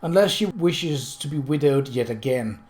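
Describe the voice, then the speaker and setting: A man's voice: mid-range voice, lively intonation, normal speed, a little mellow, close to an everyday voice. A man voicing a stern village constable who speaks grimly and firmly. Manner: grim, firm.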